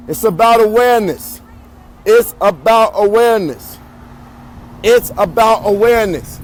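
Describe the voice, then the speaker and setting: A man's voice: high voice, a little slow, slight background noise, low-quality recording. A man giving a livestreamed protest speech outdoors into a phone, chanting and rallying.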